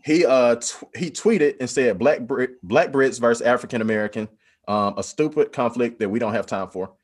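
A man's voice: mid-range voice, normal speed, slightly rough. A man in casual podcast discussion, rambling with many "like" fillers and bursts of animation.

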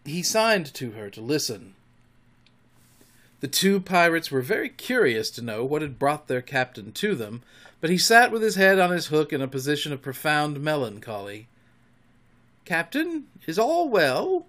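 Expressive male storyteller, animated and bright, reading a children's classic. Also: fairly high pitch, moderate pace. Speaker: narrator.

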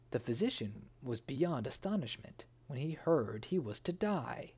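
A narrator reading a storybook in a slow, measured way. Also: medium pitch, sing-song, darkish tone, husky.

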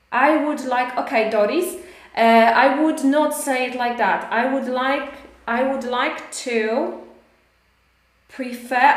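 A woman with a Polish accent runs a live online English lesson, chatting through corrections with plenty of fillers and steady encouragement. Her voice sits a little higher than most. The sound carries a noticeable echo from the room. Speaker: English teacher. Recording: echoey room.

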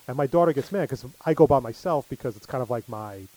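A man's voice: mid-range voice, expressive, quick pace, dark tone, low-quality recording. A middle-aged man telling stories in casual chat, full of fillers. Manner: rambling storyteller, many fillers.

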